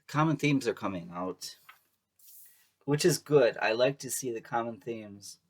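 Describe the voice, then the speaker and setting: A man's voice: mid-range voice, animated, measured pace. A man giving a casual tarot reading to camera, chatty and playful, laughing often and making sassy asides. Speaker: tarot reader.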